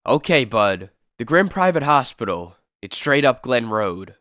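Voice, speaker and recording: A man's voice: mid-range voice, big pitch swings, a little slow, a bit bright, no room sound, clean studio sound. Man doing a folksy taxi driver. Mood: casual. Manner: casual, folksy slang. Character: gruff, friendly male taxi driver.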